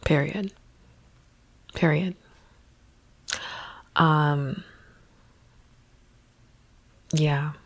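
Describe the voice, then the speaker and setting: Low, gravelly, slow-talking woman. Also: fairly even intonation, no room sound. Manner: soft, often half-whispered and musing. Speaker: spiritual coach. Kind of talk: reflective vlog monologue.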